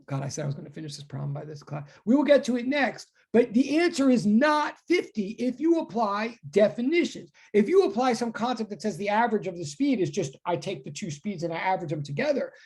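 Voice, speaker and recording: A woman giving a physics class over a video call, her voice a little husky. She talks in a loose, rambling way, full of asides and jokes at her own expense. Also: mid-range voice, sing-song, fast talker, hardly any pauses, a little mellow. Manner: chatty, self-deprecating, rambling asides. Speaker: physics teacher. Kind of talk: online lecture.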